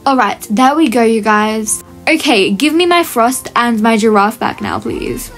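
A woman's voice: fairly high pitch, lively intonation, measured pace, soft background music. A young woman commenting on her gameplay to viewers in a chatty, often exasperated way. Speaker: gaming video creator.

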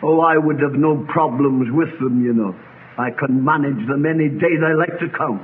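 A man, a pastor, preaching a sermon to a congregation, swinging between loud cries and quiet low asides. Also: moderate pace. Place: church congregation. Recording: tinny lo-fi archive sermon recording with faint noise.

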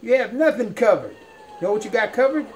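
Laid-back man, lively gaming chatter. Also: high-pitched, brisk, a little hiss or hum. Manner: playful, laughs often, folksy drawl-like phrasing. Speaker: gamer. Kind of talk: let's-play game commentary.

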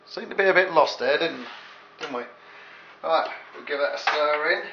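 An Englishman with a slightly high, gravelly voice talks at a normal speed while giving a casual, jokey cooking demo in his home kitchen. He rambles off into asides to the viewer, and the recording is echoey, dull, and lo-fi with a faint hiss.

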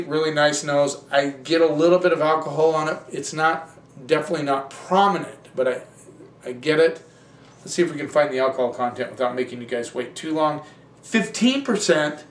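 A man hosting a wine show, tasting and reviewing wines in a relaxed, rambling, conversational way. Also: on the high side, echoey room, distant mic.

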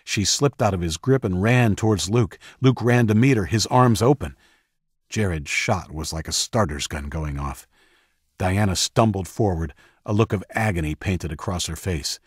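A man narrating an audiobook in a steady, measured way on a close microphone. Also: deep voice, breathy edge, no echo. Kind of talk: scripted narration.

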